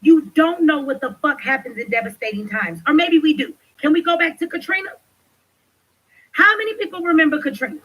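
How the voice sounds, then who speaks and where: A woman hosting a livestream, talking loudly and passionately with lots of swearing as she rants and reads chat. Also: high-pitched, brisk, rough recording. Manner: loud, passionate, profane ranting. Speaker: livestream host. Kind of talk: livestream commentary.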